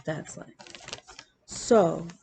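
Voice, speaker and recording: A woman vlogging about her cross-stitch hobby, telling animated, chatty stories with laughs. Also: drawn-out words, a little hiss or hum. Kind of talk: casual chat.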